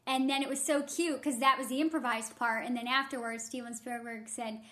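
A woman's voice: on the high side, steady tone, a little fast, fairly bright tone. A woman co-hosting a podcast, chatting casually and telling a story with lots of fillers. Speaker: podcast co-host. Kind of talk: casual chat.

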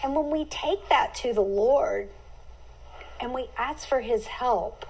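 Woman, middle-aged, Bible teaching podcast host; unhurried, slightly high voice, earnest and homey. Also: gravelly, darkish tone, husky, low-quality recording. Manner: earnest, heartfelt, with homey sayings.

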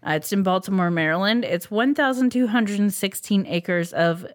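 A woman with a mid-range, everyday voice co-hosts a casual chat show. She walks through facts from her notes, filling pauses with um and uh and breaking into laughter easily. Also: medium pitch. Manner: reads out facts with many ums and uhs, laughs easily. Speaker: podcast co-host presenting a researched topic.

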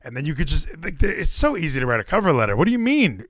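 A man's voice: a little high, big pitch swings, fast, fairly bright tone, no room sound, clean studio sound. A man hosting a casual chat, teasing a friend and switching into mock-inspirational speeches. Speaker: streamer host.

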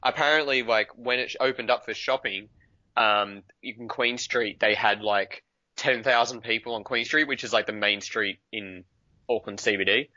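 A man's voice: medium pitch, normal speed, bright, forceful tone, no echo, highs cut off. A man from New Zealand telling stories in a casual video-call chat, laughing often. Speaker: podcast guest.

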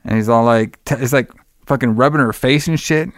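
Smooth, dry-voiced man telling a story. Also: medium pitch, fairly quick, dry recording. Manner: profane, laughs often, rambling storyteller. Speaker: podcast co-host recapping a movie. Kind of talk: casual chat.

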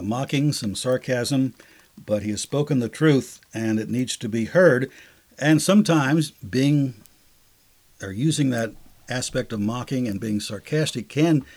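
Male Bible-study co-host, middle pitch, easygoing explainer with fillers and playful asides. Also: darkish tone. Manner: explains scripture conversationally, acts out sarcastic lines with fillers. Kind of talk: casual Bible discussion.

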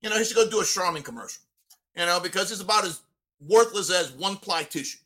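A man's voice: high voice, animated, quick pace, pushed and bright. A man giving a fired-up, blunt rant on a casual sports podcast, leaning on "you know" a lot. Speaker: co-host giving a weekly rant.

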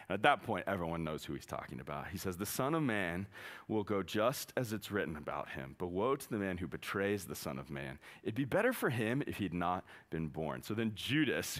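A man's voice: sits low, a bit bright. Casual joking young male preacher. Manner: conversational, joking, acts out quotes. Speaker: youth pastor. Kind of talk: casual sermon.

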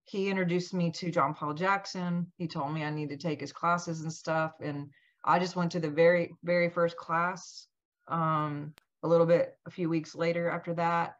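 A woman guest in an interview telling a personal story in a lively way, acting out what each person said. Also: fairly low pitch, moderate pace. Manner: animated, acts out quoted dialogue. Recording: dull lo-fi sound.

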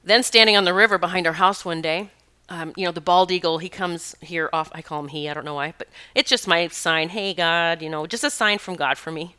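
A woman working as a spiritual teacher, telling stories in a casual monologue, animated and emphatic, laughing often. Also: fairly low pitch, brisk, clean tone.

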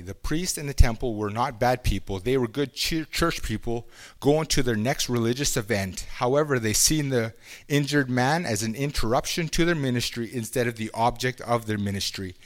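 A man from Canada preaching his personal testimony at an ordinary pitch. He speaks earnestly and haltingly, often stopping to restart a phrase as he works through his story.

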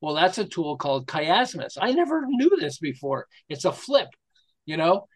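A little high and sing-song, this man's voice moves at a moderate pace. He's a U.S. marketing specialist in his sixties, guesting on an interview and telling stories with laughs and rhetorical questions in enthusiastic, casual talk.

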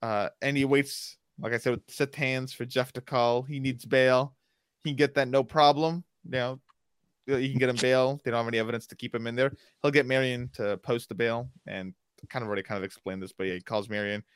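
A man's voice: mid-range voice, steady tone, brisk, smooth, no room sound, clean studio sound. A man chatting casually as a podcast co-host, recapping a TV episode in a rambling, enthusiastic way that keeps interrupting itself.

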